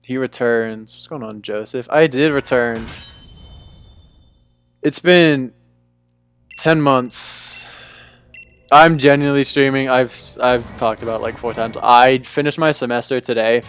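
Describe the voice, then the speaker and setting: A man's voice: medium pitch, fairly even intonation, unhurried, long pauses, a bit bright, faint music behind. A young man chatting casually with viewers on a live stream from a room at home, laid-back and talkative, calling people "dude". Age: young adult. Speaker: livestreamer.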